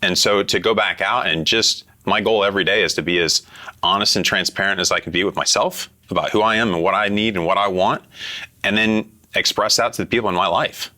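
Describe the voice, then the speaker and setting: Brief: man, interview guest, very low pitch, bright edge, earnest and reflective. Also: fairly even intonation, fairly quick. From United States. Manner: reflective, earnest, filler-heavy. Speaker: guest, program graduate. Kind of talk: casual interview.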